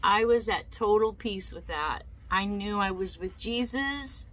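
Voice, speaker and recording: A woman's voice: mid-range voice, measured pace, fairly bright tone, poor audio. A woman telling a personal story in a casual vlog, emotional and indignant, often repeating herself. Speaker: vlogger.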